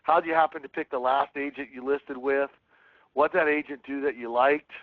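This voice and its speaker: A man's voice: medium pitch, fairly even intonation, moderate pace, dry recording. Earnest man coaching over a tinny line. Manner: earnest, reads sample calls aloud and coaches. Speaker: real estate sales trainer. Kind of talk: webinar teaching with script role-play.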